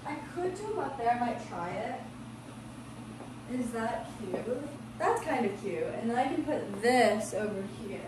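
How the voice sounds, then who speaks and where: A woman's voice: on the high side, very animated. Young woman, bubbly casual vlog chat, echoey room, noisy. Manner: bubbly, quick, chatty. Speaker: vlogger. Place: home and stores.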